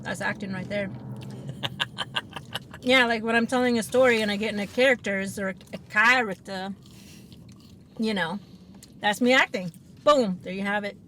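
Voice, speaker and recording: A woman's voice: medium pitch, moderate pace, pauses often, pushed and bright, slight background noise. A woman chatting casually on an eating show, telling rambling, giggly stories. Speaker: podcast co-host. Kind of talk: casual chat while eating.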